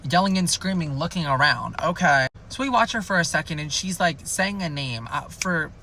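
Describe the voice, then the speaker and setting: A man's voice: a little high, moderate pace, pushed and bright, slight background noise. A young man telling a rambling, jokey storytime in a chatty way. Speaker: storytime youtuber. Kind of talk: casual storytime.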